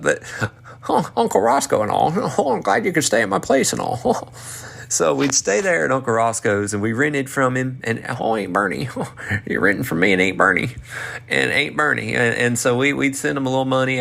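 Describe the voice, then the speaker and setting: A man in his thirties from North Carolina with a Southern accent, excitedly telling a rambling story. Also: mid-range voice, vocal fry. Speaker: performer and vlogger. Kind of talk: casual storytelling recap.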